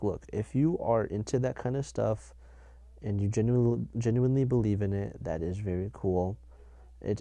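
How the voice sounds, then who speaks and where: Young man, podcast host, low dark voice, rambling and self-correcting, dry close mic. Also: no room sound. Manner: rambling, self-correcting, laughs at his own jokes. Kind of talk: casual solo podcast monologue.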